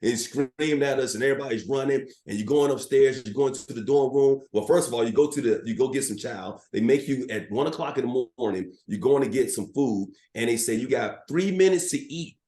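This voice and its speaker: A middle-aged man, a sports broadcaster guesting on a podcast, telling animated anecdotes with plenty of filler words. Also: medium pitch, brisk, few pauses. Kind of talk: storytelling in a podcast interview. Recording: roomy echo.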